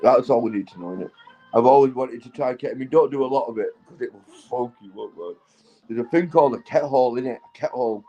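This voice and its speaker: A British man chatting on a livestream while high, his talk loose and rambling. He swears freely and keeps breaking into laughs. Faint music plays behind him. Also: mellow, highs cut off. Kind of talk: rambling casual livestream chat.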